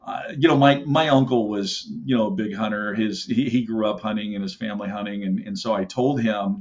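A man's voice: fairly low pitch, fairly even intonation, a little fast, hardly any pauses, a little mellow. A middle-aged man telling hunting stories in a casual, rambling way, with many fillers and acted-out quotes. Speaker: podcast guest, elk call maker. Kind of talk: casual storytelling. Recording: muffled lo-fi audio.

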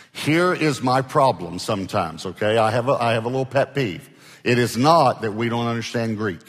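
A male pastor preaching a sermon in a conversational way, prompting the congregation to answer him. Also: fairly low pitch. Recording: long hall reverb.

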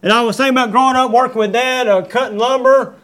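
A middle-aged man preaching a sermon, quoting scripture and repeating refrains, with folksy phrasing and many halting fillers. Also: extremely high pitch, fairly even intonation, fairly bright tone. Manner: preaching with Bible verse references and repeated refrains. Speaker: pastor.

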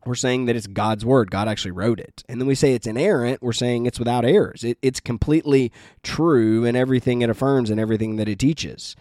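A man's voice: medium pitch, a little mellow, dry recording, studio quality. A man teaching about the Bible in a casual, earnest way, telling a personal story and using many fillers.

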